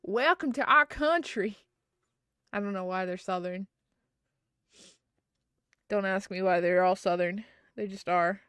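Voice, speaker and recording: A woman's voice: fairly low pitch, level tone, measured pace, long pauses, clear, resonant tone, dry recording, studio quality. A woman streaming live, chatting casually and giggling often, with lots of fillers.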